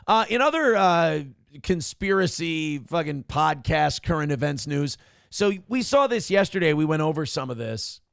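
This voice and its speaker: A man's voice: a little high, very animated, normal speed, gravelly, fairly bright tone, smooth, dry recording, studio quality. A man hosting a live-stream show casually, reading viewer comments aloud and joking crudely. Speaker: host.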